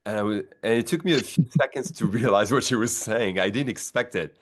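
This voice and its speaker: A man interviewing a guest in a casual conversation, lively and laughing easily. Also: lowish voice, a little fast, a little hiss or hum.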